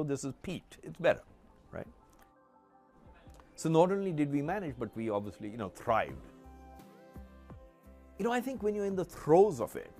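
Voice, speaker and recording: An older man with an Indian English accent tells his story in a lively, swinging voice that rises and falls a lot. He chuckles now and then while recalling the past. Faint music plays softly under him. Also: medium pitch. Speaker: entrepreneur. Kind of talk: documentary interview recollection.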